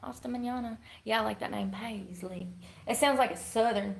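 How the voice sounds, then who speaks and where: A woman's voice: medium pitch, normal speed, vocal fry, low-quality recording. A woman streaming live, chatting in a candid, rambling, slangy way and laughing often. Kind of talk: casual live-stream chat.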